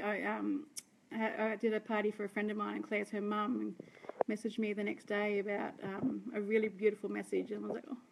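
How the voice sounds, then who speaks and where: An Australian woman, a sales director, chatting and rambling warmly to her team on a live stream. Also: mid-range voice, creaky. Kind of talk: live-stream talk to viewers.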